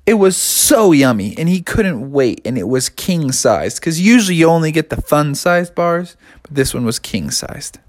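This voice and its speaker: A storyteller telling a bedtime story in an animated, expressive way, stretching words out. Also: medium pitch.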